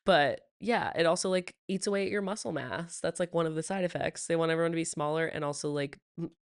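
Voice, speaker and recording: A woman's voice: low-pitched, quick pace, clean tone, no room sound, studio quality. A young woman hosting a podcast, chatting casually, swearing and laughing often. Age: young adult. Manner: profane, laughs often, animated. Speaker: podcast host.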